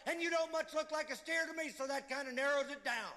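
An actor playing a harsh military drill instructor who barks insults at a recruit, heard in a film clip. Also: male voice, very high-pitched, quick pace, long reverb tail, a little hiss or hum. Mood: barking. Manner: shouting, bellowing insults.

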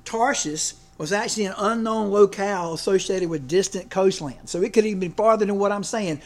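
A man preaching a sermon as pastor, conversational and animated with self-deprecating asides. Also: high voice, fairly quick.

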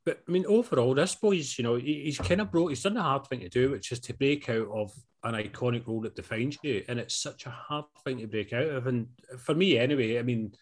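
A man's voice: mid-range voice, fairly quick, hardly any pauses. A Scottish man co-hosting a podcast, chatting casually about films and often asking "do you know what I mean?". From Scotland. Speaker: podcast co-host. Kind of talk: casual film review chat.

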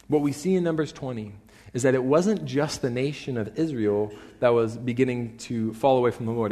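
A male pastor preaching a sermon in a church, telling stories with animated emphasis. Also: medium pitch. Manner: animated storytelling, rising to emphatic peaks. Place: church sanctuary. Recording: long reverb in a church hall.

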